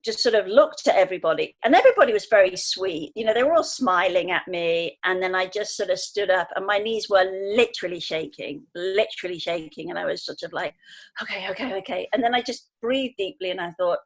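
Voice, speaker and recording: A woman in her fifties from England, speaking as a guest on a conversational podcast. She tells her stories in an animated way and brings the people she quotes to life in her voice. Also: fairly low pitch, a little fast, few pauses. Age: 50s.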